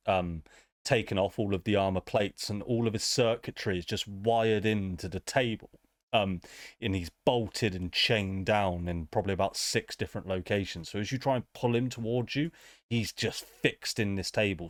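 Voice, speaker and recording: A man's voice: lowish voice, no echo, studio quality. A man, narrating casually as game master of a tabletop game. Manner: casual, filler-heavy narration.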